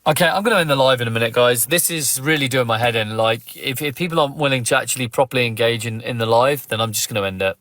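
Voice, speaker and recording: A man's voice: mid-range voice, fast talker, hardly any pauses, fairly bright tone, no echo. An English man hosting a live phone-in stream in a casual, blunt and confrontational way. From England. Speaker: live stream host taking callers.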